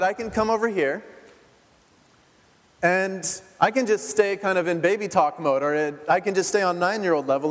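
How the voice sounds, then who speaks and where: A man in his thirties preaching a conversational sermon, asking the congregation questions and laughing often. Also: sits high. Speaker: pastor. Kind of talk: interactive sermon. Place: church sanctuary. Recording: long hall reverb.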